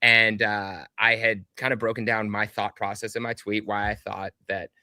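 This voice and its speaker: Podcast guest man, low but bright voice, measured, dry close sound. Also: level tone, smooth, no echo. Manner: measured, explaining with hesitant fillers. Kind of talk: casual podcast chat.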